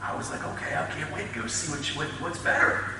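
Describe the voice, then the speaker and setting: A middle-aged man tells stories to a crowd, acting out scenes and laughing as he goes. His voice is sharp and bright, pitched a little high. He stands away from the mic in a very echoey hall. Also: quick pace, far from the mic. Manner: animated storyteller, acts out scenes, laughs often. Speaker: chiropractor giving a talk. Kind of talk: storytelling talk to an audience. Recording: echoey hall, speaker off mic, faint noise.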